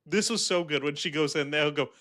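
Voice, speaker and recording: A man with a slightly high voice co-hosts a casual podcast chat. He talks in an animated, rambling way, peppered with fillers and frequent laughs. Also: a little fast. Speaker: podcast co-host reviewing a film.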